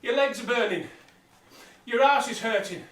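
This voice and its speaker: A man's voice: very high voice, normal speed, fairly bright tone. A man talking bluntly while pedalling an exercise bike, slightly out of breath. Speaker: vlogger. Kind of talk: casual motivational talk. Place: indoor room with exercise bike. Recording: roomy sound from a distant mic.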